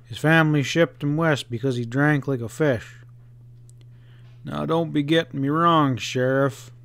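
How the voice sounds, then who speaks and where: Man reading a young railroad engineer, terse, bristling, slow delivery. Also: on the high side, fairly even intonation, creaky, fairly bright tone, no echo. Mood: explaining. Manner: terse and defensive, quick to bristle. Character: tall young proud male railroad engineer. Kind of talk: audiobook character reading.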